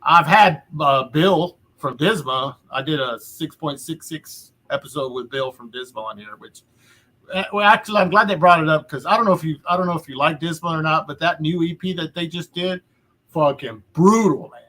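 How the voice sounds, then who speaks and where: A man's voice: a little high, normal speed, sharp tone. A man from Texas hosting a podcast, chatting casually in a loose, profane, rambling way with lots of restarts. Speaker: podcast host. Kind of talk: casual chat.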